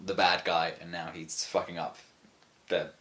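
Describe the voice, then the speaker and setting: A man's voice: low-pitched, flat delivery, a little slow, sharp tone. A man co-hosting a casual podcast, rambling with lots of fillers and restarts. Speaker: podcast co-host. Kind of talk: casual chat.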